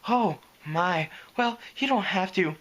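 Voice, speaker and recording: A man voicing a shy, timid mare, talking softly, meekly and hesitantly. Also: sits high, animated, slow pace, pitched above the performer's own voice, full character voice. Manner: soft, meek and hesitant.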